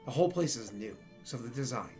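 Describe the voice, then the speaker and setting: A man's voice: mid-range voice, lively intonation, brisk, a little mellow, soft background music. A man narrating a tabletop role-playing game as game master, casual and full of fillers and restarts. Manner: rambling with many fillers.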